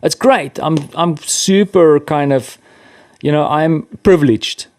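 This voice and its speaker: A man's voice: fairly high pitch, takes it slowly, darkish tone. A man with a South African accent, a podcast guest talking in a casual, self-deprecating way with many restarts. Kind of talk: casual conversation.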